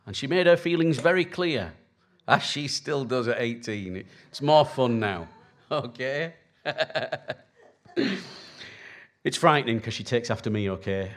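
A man in his forties preaches in an easy, conversational way, as if talking straight to each person in the room. His pitch swings widely from high bursts to low asides. He checks in with his listeners constantly and stays animated throughout. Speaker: pastor. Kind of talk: conversational sermon.

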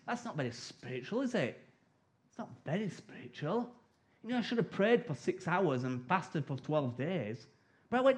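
High-voiced preacher. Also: male voice, big pitch swings, normal speed. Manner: conversational, humorous preaching, acting out prayers and God's replies. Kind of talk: sermon.

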